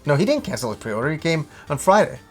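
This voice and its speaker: A man's voice: on the high side, fast, faint music behind. A man vlogging about games, telling a frustrating story in a casual ranting way, acting out the dialogue and swearing as he goes. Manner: animated retelling with swearing and acted-out dialogue. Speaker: video game vlogger.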